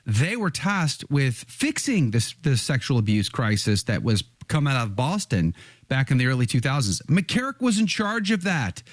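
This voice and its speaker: A man's voice: mid-range voice, very animated, moderate pace, no echo. A male host posing indignant, rhetorical questions to his guest in a pointed interview.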